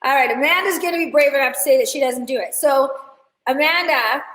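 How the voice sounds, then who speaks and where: Chatty high-voiced woman teaching. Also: a little fast, roomy sound, rough recording. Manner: chatty, animated storyteller addressing chat. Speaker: hair educator. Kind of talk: live online class.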